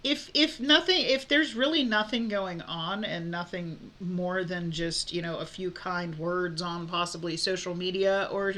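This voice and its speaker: A woman's voice: on the low side, measured pace, few pauses, pushed and bright. A woman giving a casual tarot reading, talking frankly with many fillers and restarts. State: hiccups. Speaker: tarot reader.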